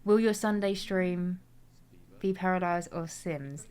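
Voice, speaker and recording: A woman's voice: on the low side, slow, darkish tone, smooth. Chatty British woman streaming a game. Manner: chatty, reads chat aloud and answers, swears casually. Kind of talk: casual live-stream chat.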